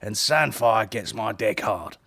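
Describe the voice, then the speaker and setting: A man's voice: on the low side, expressive, a little slow, vocal fry, bright, forceful tone, no room sound. A young man hosting a comedy podcast, rambling and swearing in a casual monologue. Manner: rambling, profane, puts on silly voices.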